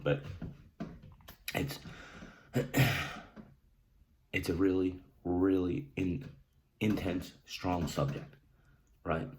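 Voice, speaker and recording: Deep-voiced man, emotional, blunt, repetitive advice, faint hiss behind. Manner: emphatic, repeats key phrases, says "right?" often; halting, restarts, clears throat often. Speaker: vlogger sharing personal experience. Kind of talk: earnest direct-to-camera advice talk.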